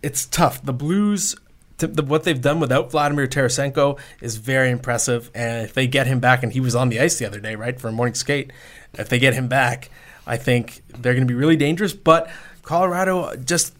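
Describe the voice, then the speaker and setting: A man's voice: medium pitch, fairly quick, fairly bright tone. A man in his thirties co-hosting a sports podcast, giving opinionated takes with frequent self-corrections. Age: 30s. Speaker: podcast co-host. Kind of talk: casual sports talk.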